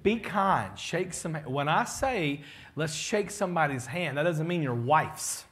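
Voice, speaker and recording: A man's voice: fairly high pitch, lively intonation, unhurried, a bit bright, slight background noise. A man, a pastor giving a casual, joking leadership talk to his congregation and acting out the people he quotes.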